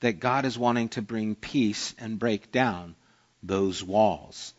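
A man's voice: on the low side, slow, lo-fi sound. A man preaching a sermon in an earnest, conversational way, illustrating with everyday stories. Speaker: pastor.

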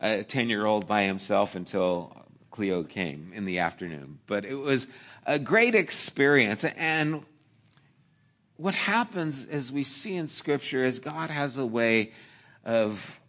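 A man preaches in a middle-pitched voice, weaving a lively childhood story into his sermon. He tells it with humor and breaks off for playful asides to the congregation. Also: slow. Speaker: pastor.

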